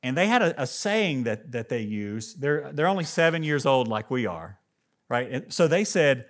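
A man's voice: medium pitch, sing-song, moderate pace. A man preaching a sermon to his church in a conversational, earnest way, often restarting phrases and lifting his voice when he reads a quotation aloud. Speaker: pastor. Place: church service with live congregation.

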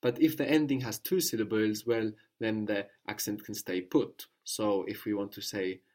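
A man teaching a spoken language lesson, patiently prompting his student and repeating each answer slowly. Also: fairly low pitch, steady tone, a little mellow.

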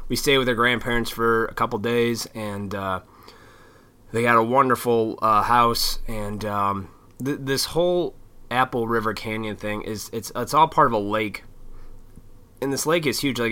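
A man's voice: medium pitch, bright, forceful tone. A young adult man hosting his own vlog, rambling casually with lots of fillers and easy swearing. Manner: laid-back, swears casually, frequent fillers. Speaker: vlog host.

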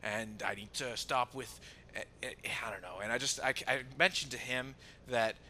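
Bright-voiced man telling a story. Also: mid-range voice, moderate pace, slight background noise. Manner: animated, restarts often, swears freely. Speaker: podcast co-host. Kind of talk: casual storytelling.

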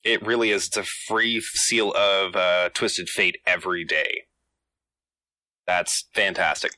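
A man hosting a gaming podcast, speaking casually in a relaxed, hesitant way with many fillers. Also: low voice, takes it slowly, no echo. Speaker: podcast host.

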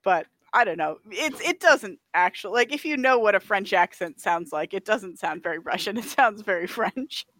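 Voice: mid-range voice, expressive, moderate pace, few pauses, fairly bright tone, no echo. A podcast co-host in casual chat, rambling with many filler words and frequent laughs. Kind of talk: casual chat about a video game.

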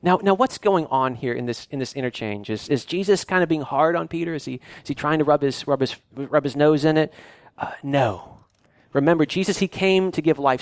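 A man's voice: fairly high pitch, no room sound. A man preaching a sermon as pastor, earnest and often repeating and restarting his words.

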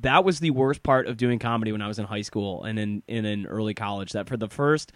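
A man hosting a podcast in casual, animated chat, laughing often and talking in quick bursts. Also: on the low side, no room sound. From Detroit area. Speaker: podcast host.

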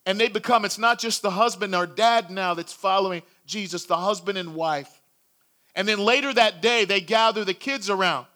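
A man's voice: sits high, moderate pace, bright, forceful tone. A male pastor telling a story in a sermon, earnest and building in intensity.

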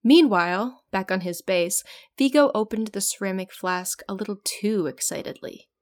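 A woman's voice: medium pitch, lively intonation, moderate pace. A woman reading a fan story aloud in a casual way, often stopping to laugh and joke about the text. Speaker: fan fiction reader.

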